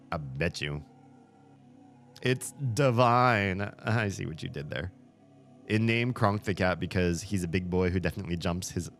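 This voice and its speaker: Animated male let's-play host, lowish voice that swings widely, faint game music underneath. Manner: animated, chatty, laughs often. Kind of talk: video game commentary.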